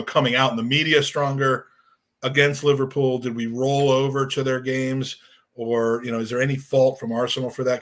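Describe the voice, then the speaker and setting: Sweary rambling male podcast host. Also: medium pitch. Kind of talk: casual fan show talk.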